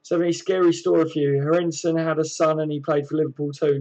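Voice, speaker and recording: Man, fairly high pitch, live-stream host, casual and chatty, slangy, laid-back. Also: level tone, fast talker, few pauses, poor audio. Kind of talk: casual live-stream chat reading viewer comments.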